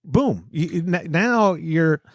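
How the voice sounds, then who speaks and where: A man hosting a casual homebrewing podcast, talking in an animated way with frequent restarts and easy laughs. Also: fairly high pitch, slow pace. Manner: animated, restarts sentences often, laughs easily. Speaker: podcast host.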